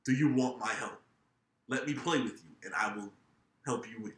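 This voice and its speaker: A man voicing a pushy little boy who hustles strangers at an arcade, with an eager, pleading sales pitch. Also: normal speed, echoey room, natural voice.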